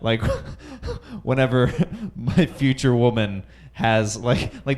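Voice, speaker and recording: A man's voice: mid-range voice, big pitch swings, measured pace. A young man doing nervous, rambling stand-up at an open mic in a comedy club, full of fillers and chuckles at his own jokes. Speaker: stand-up comic.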